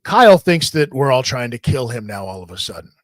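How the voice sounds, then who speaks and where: A man hosting a podcast, telling a long story in a rambling, profane, animated way. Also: mid-range voice, fairly quick, dry recording. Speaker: podcast host. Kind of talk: casual storytelling.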